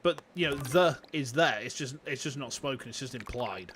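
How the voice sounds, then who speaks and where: A man with a Yorkshire accent, chatting casually and excitably while livestreaming a game, swearing freely and greeting his chat. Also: medium pitch, moderate pace, a little hiss or hum. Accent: Yorkshire English. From Yorkshire, England. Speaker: streamer. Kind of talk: casual gaming livestream commentary. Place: warm room at home with fans running.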